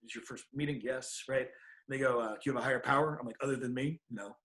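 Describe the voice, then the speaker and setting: A middle-aged man, a guest on an interview show, telling a personal story in a casual, animated way and acting out the people he quotes. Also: medium pitch, fast talker. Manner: animated, acts out quoted voices.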